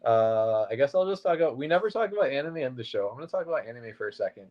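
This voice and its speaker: A man's voice: mid-range voice, animated, racing, lo-fi sound. A man co-hosting a comic book show, laid-back and easygoing, with many "uh"s. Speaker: co-host and comic vendor. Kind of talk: casual chat.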